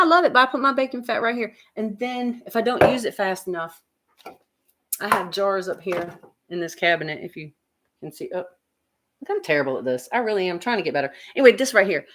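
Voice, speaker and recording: A woman's voice: mid-range voice, fairly bright tone. A middle-aged woman, chatting casually and bluntly from her home kitchen as she reads viewer comments, swearing freely. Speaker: livestream host. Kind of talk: casual chat while cooking.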